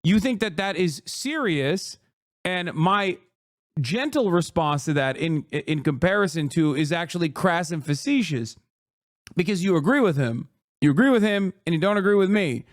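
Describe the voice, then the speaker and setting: A man streaming live and reacting in a profane, heated, sarcastic rant. His voice sits a little high for a man. The sound is dry and close, with no room around it. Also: lively intonation, normal speed, dry recording. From Turkey.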